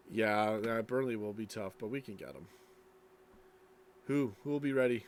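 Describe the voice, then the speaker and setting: A man's voice: fairly low pitch, moderate pace, long pauses, a little hiss or hum. A tired man streaming late at night, reading chat and rambling casually, yawning as he talks. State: sleepy, yawning.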